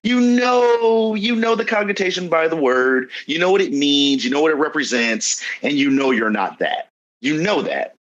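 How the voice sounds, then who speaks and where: A man's voice: a little high, normal speed, a bit bright, muffled recording. A young man hosting a podcast, talking earnestly in casual conversation and repeating phrases for emphasis. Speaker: podcast host.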